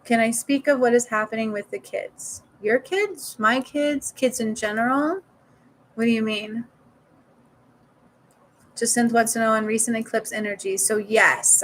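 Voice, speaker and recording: On a live stream, a spiritual healer with a fairly high-pitched voice talks informally to her viewers. She occasionally swears and repeats words to stress them, and the audio quality is poor.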